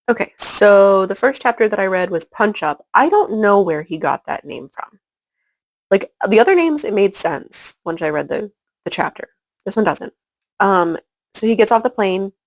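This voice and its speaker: A woman's voice: lowish voice, rough recording. A woman casually recapping a book chapter by chapter, rambling and filling her talk with "like" and "um". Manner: rambling, filler-heavy retelling with frequent "like" and "um". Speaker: book reviewer.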